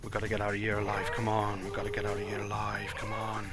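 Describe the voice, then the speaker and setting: Frantic young gamer. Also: male voice, lowish voice, fast, loud music behind the voice. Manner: excitable, swears, repeats words in bursts. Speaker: gameplay commentator. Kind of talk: frantic gameplay commentary.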